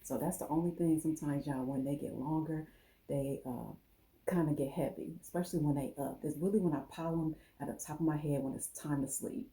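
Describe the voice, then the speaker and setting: A woman vlogger talks her viewers through a hands-on task in a loose, chatty way. Her voice sits low and has a husky, gravelly grain. The tone is dark and mellow rather than bright. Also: fairly quick. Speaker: hair vlogger. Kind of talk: casual how-to vlog.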